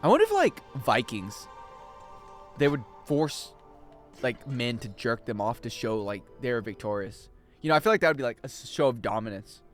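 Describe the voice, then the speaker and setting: A man chatting casually and joking with his chat while he plays a game on a livestream, swinging between loud outbursts and mumbled asides. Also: medium pitch, normal speed, soft background music. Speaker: game streamer.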